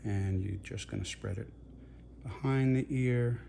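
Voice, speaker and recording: A man, a facial plastic surgeon, calmly talking viewers through aftercare steps in a reassuring, instructive way. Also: mid-range voice, measured pace, gravelly, a little hiss or hum. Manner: calm, reassuring, repeats gentle guidance. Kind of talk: instructional demonstration.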